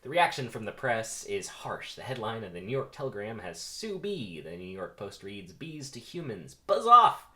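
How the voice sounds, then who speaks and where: A man's voice: on the low side, very animated, moderate pace, hardly any pauses, fairly bright tone. A man doing a comedic script reading, with amused, offhand asides between the lines. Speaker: content creator.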